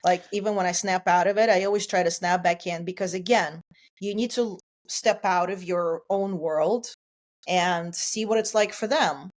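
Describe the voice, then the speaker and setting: A woman's voice: fairly low pitch, steady tone, moderate pace. A woman co-hosting a podcast, talking in a reflective, earnest way and often restarting mid-thought. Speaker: podcast co-host. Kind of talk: casual chat.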